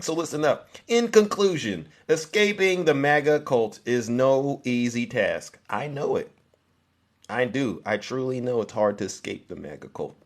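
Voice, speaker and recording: A man hosting a live stream of political commentary. He reads a prepared text in a mock-solemn tone and breaks it up with sarcastic, teasing asides to his viewers. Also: fairly high pitch.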